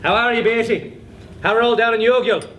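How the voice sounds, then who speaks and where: An actor playing a jovial, fussy gentleman who is chatty and hesitant. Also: extremely high pitch, fairly even intonation, a little fast. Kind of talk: stage play acting. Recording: distant mic with some hiss.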